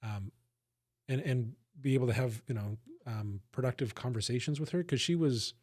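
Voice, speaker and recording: A man's voice: mid-range voice, moderate pace, darkish tone. Earnest man co-hosting a podcast. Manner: earnest and reflective, often checking in with "right?". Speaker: podcast co-host. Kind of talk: casual conversation.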